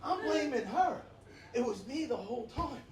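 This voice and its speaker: A high, lively male voice, brash and crude, laughing through his own stand-up bits. His mic is set back, so his voice reaches the listener from a bit of a distance. The club room around him echoes. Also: normal speed. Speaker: stand-up comedian. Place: comedy club stage.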